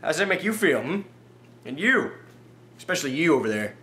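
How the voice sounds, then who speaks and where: A man vlogging comic personal stories in an animated, exaggerated way, dropping low and then bursting up high with excitement. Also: a little fast.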